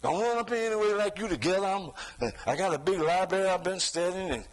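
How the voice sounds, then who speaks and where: High-voiced man preaching, full of "you see?". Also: fast, low-quality recording. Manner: conversational preaching with frequent rhetorical "you see?"; chuckles between points, acts out quoted voices. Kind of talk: sermon.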